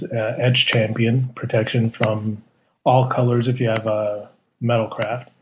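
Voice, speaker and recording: A man's voice: medium pitch, muffled recording, slight background noise. A man co-hosting a casual podcast, laid-back and jokey, explaining rules at length. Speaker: podcast co-host.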